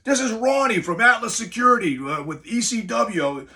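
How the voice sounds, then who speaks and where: A man's voice: sits high, sing-song, normal speed, voice pushed up, heavily acted. A man putting on a brusque middle-aged New York security boss with a heavy Bronx accent, barking short orders. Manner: loud, clipped orders.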